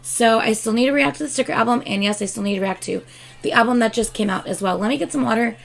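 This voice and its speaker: A woman reaction host chats casually to her viewers, rambling along with plenty of fillers. Her voice sits a little high, with a gravelly fry running through it, and her throat sounds dry and scratchy. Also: quick pace. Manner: rambling, filler-heavy and chatty. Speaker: music reaction channel host. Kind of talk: casual talk to camera.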